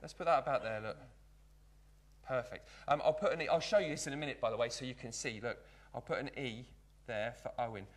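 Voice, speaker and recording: A man's voice: mid-range voice, fast talker, close to an everyday voice. A man playing a cheeky young Victorian apprentice magician, doing a live card trick in chatty patter. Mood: playful. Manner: chatty, patter-filled, keeps saying "look". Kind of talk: live magic act in character.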